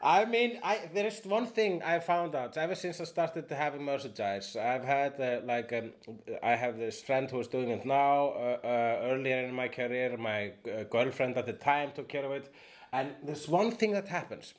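A man's voice: medium pitch, moderate pace. Rambling, cursing man chatting casually. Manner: rambling, swears freely, many fillers. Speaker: podcast host. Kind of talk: casual conversation.

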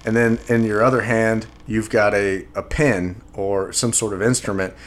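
A man in casual conversation, telling a story haltingly with many restarts and repeated words. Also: lowish voice, fairly even intonation. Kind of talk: casual podcast chat.

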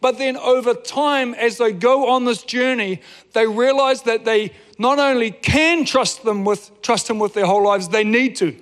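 Man, pastor, sermon, storytelling, high voice, long hall echo. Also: fairly bright tone. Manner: storytelling with restarts and dramatic pauses.

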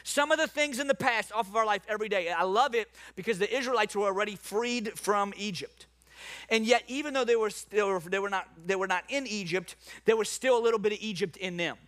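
A middle-aged man with a New Orleans accent preaching a sermon. He starts low and quiet, then builds to loud preaching. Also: brisk. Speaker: pastor.

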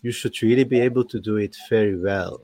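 A man from Europe, a guest in a casual chat, hesitant and soft-spoken with many ums. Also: fairly low pitch, fairly quick, crowd noise.

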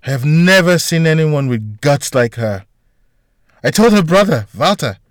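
A man's voice: on the high side, animated, unhurried, dry recording, voice pushed up. A talkative hospital janitor with a lifted, eager voice and a gossipy manner, as a male reader puts him on. The dry, close recording keeps it intimate, like a storybook read aloud. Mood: chatty. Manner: chatty, gossipy. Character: janitor, middle-aged man, chatty gossip.

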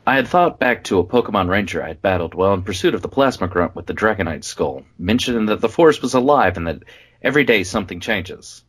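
A man's voice: lowish voice, expressive, quick pace, slightly rough. A man co-hosting a podcast, reading a story aloud expressively. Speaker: podcast co-host, reader.

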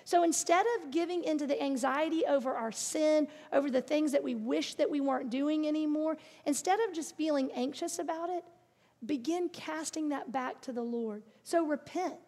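A woman's voice: sits high, normal speed, dark tone. A middle-aged woman preaching a sermon, earnest and encouraging, with playful asides. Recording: long reverb of a large hall.

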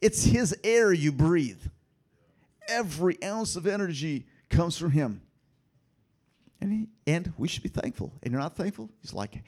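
A man preaching a sermon, swinging between loud emphatic lines and hushed asides. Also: a little high, very animated, unhurried. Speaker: pastor.

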